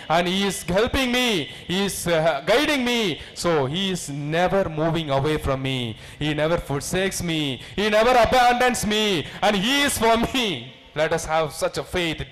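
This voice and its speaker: A man's voice: sits high, fairly bright tone. A man preaching a sermon, asking the congregation questions and leading them in repeated call-and-response prayer. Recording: long hall reverb.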